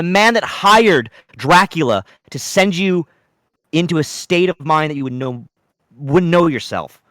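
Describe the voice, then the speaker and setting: A man narrating a tabletop role-playing game as game master, lively and dramatic, bursting into loud exclamations. His voice is bright and sharp, slightly raised. The sound is close and dry. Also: a little high, normal speed, no room sound. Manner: animated, dramatic storytelling with sudden loud outbursts.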